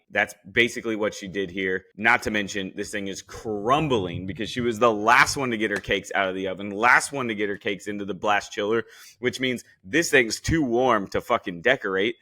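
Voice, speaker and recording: A man hosts a podcast with a bright, forward voice. He talks in a blunt, animated way and swears freely as he recaps casually. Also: medium pitch. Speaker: podcast host.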